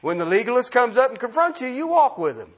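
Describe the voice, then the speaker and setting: Husky-voiced, animated male preacher. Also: very high voice, quick pace. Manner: emphatic, quizzes the congregation with questions. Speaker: pastor. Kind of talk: sermon.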